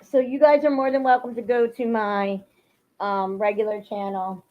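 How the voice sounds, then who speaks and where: A woman's voice: a little high, little pitch movement, normal speed. A woman hosting a casual livestream, talking emotionally to her viewers and swinging into heated rants. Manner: emotional, swings into angry ranting. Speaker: livestream host. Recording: lo-fi livestream audio.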